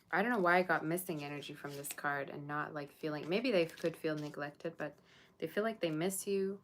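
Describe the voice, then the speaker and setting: A woman's voice: low-pitched, a little fast, a bit bright, slight background noise. A woman doing a live tarot reading, chatting casually with her viewers. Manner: chatty, talks to viewers and chat. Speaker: tarot reader.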